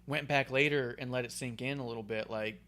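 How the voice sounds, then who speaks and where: A man co-hosting a casual wrestling podcast, excitable and swearing freely, acting out quotes as he talks. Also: mid-range voice, fairly quick. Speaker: podcast co-host.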